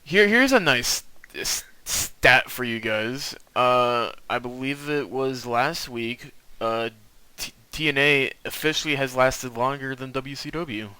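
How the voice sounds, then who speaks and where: A young man hosts a casual wrestling chat, his voice bright and ringing clear. He rambles along with plenty of fillers and restarts and laughs easily. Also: mid-range voice, takes it slowly, dry recording, rough recording. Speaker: podcast host.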